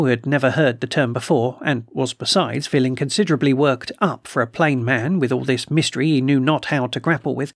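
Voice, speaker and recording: A man reading a period ghost story aloud in a measured, literary manner. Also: mid-range voice, slightly rough, no room sound, studio quality. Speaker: audiobook narrator.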